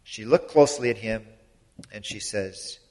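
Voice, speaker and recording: A man preaching a sermon in an earnest, explanatory way, his loudness rising and falling for emphasis. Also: lowish voice, moderate pace. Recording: long hall reverb.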